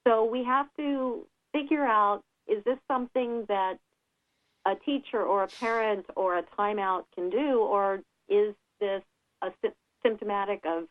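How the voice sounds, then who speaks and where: Calm woman on a tinny phone line. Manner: calm, explanatory, acts out children's lines in a higher voice. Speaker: guest expert on child behavior. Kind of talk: radio interview.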